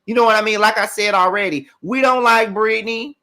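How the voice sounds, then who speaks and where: A man with a high, ringing voice reviews a reality TV episode. He rants, swears freely and talks straight to his viewers. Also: brisk, pushed and bright. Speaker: show recap host. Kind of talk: heated reality TV review rant.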